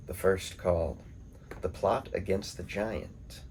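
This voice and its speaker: A man reading poems and folktales aloud in a calm, measured storytelling manner. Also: deep voice, a little hiss or hum. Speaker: poetry reader.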